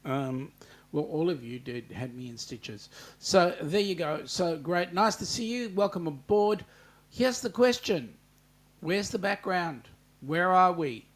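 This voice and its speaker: Slow-talking Australian livestream host. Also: male voice, high voice, animated. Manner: reads viewer comments aloud, greets chatters by name. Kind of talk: casual livestream chat.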